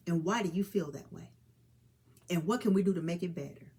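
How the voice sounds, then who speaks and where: A mother in her forties speaks on suicide awareness in a heartfelt direct-to-camera talk, earnestly calling listeners honey and child as she begs people to help one another. Her fairly low voice is darkish, slightly rough and fairly quick.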